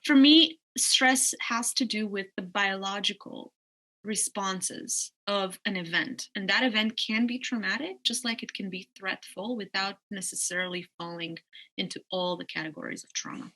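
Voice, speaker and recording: A woman with a bright, clear voice talks as a psychologist guest on a podcast. She explains her views in a measured, careful way, qualifying her points as she goes. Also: mid-range voice. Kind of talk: casual interview conversation.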